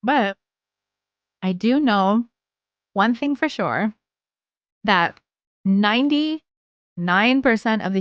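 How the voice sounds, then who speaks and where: A woman's voice: mid-range voice, dry recording, muffled recording. A woman live streamer chatting casually with her viewers, frank and chatty, swearing freely and using lots of filler words.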